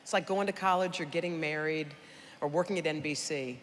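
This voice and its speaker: A woman's voice: sits low, fairly quick, long reverb tail, a little hiss or hum, close to an everyday voice. A woman quoting a blunt, friendly stranger man. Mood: frank. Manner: chatty, then frank and advising. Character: friendly blunt middle-aged male stranger on a plane.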